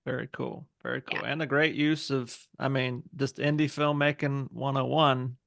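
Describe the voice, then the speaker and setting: Gravelly man hosting a casual interview. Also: mid-range voice, moderate pace. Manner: relaxed, brief follow-up questions, small laughs. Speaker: podcast host.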